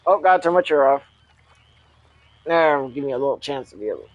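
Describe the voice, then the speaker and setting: A man's voice: medium pitch, lively intonation, a little fast, no room sound, rough recording. A man reading a story aloud with casual asides, often chuckling and stopping to correct himself.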